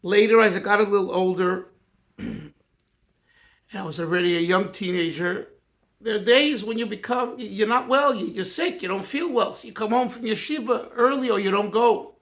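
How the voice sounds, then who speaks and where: A man from the United States, a Yiddish speaker and rabbi, reminisces in a personal talk. His voice is high-pitched and fairly bright, and he speaks earnestly but haltingly, restarting many times.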